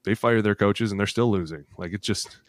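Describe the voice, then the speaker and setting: A man in his thirties co-hosting a sports podcast, telling animated locker-room stories full of acted quotes and cursing. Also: fairly low pitch, fairly quick, no echo. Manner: animated storytelling with acted quotes, swears freely. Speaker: podcast co-host, former NFL lineman. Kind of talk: casual chat.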